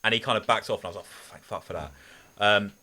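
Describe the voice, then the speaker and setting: A man's voice: lowish voice, quick pace, pushed and bright. A man, co-hosting a casual podcast, teasing his friend and telling his own stories with dry jokes and swearing. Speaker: podcast co-host. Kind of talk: casual chat.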